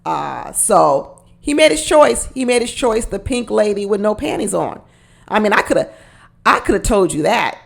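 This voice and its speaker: A woman's voice: mid-range voice, big pitch swings, moderate pace, vocal fry. A woman chatting through a casual recap of a reality show, gossipy and talkative, speaking straight to her listeners. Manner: chatty and gossipy, addresses listeners as y'all, laughs often.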